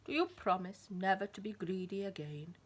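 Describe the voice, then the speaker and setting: Woman voicing a booming cross giant. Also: animated, a little slow, a bit bright. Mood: stern. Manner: bellowing, thundering. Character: huge loud male giant, cross and booming.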